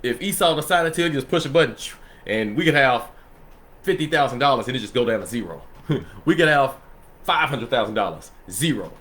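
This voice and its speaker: A man in a relaxed Bible study who teaches the scripture in a loose, conversational way, laughing often and checking in with his listeners. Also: medium pitch, brisk. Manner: loose and conversational, laughs often, asks "you know what I'm saying?".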